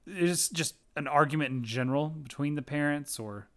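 A man's voice: a little high, moderate pace. A man co-hosting a podcast, discussing a TV episode casually with wry, sarcastic asides and reflective comments. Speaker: podcast co-host.

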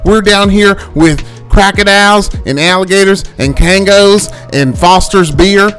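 A brash, over-the-top Australian party host, as a man puts on a bad accent, shouting a greeting in a high, hyped voice. Faint music plays underneath. He sounds like a cheesy spring-break TV host. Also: unhurried.

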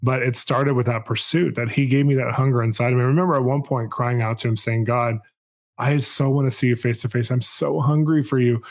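A man's voice: mid-range voice, fairly even intonation, brisk. A man hosting a podcast, sharing his personal faith testimony in an earnest storytelling way with frequent restarts. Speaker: podcast host.

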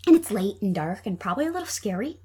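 Chatty husky-voiced woman. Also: medium pitch, big pitch swings, fast talker, dark tone. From Minnesota. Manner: chatty, many ums and likes. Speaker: podcast guest telling a true crime case. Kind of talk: casual storytelling chat.

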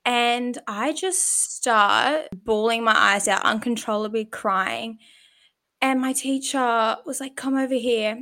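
A woman's voice: fairly high pitch, slow pace, sharp tone. A woman, co-hosting a podcast and telling stories in a chatty way with frequent laughs. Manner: chatty storyteller, laughs often. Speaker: podcast co-host. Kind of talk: casual chat.

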